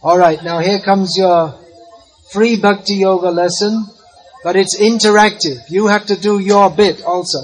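A man's voice: sits high, fairly even intonation, measured pace, low-quality recording. A man giving a talk on spiritual philosophy and patiently leading listeners in a call-and-response chant. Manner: patient, inviting, repeats words for a crowd. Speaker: devotional teacher.

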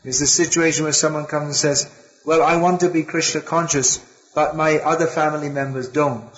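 A man lectures on spiritual life with a slightly high voice. He halts often, starting phrases over before finishing them. The recording sounds dull and lo-fi. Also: steady tone, normal speed, fairly bright tone. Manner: hesitant, with many restarts and fillers. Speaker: spiritual teacher.

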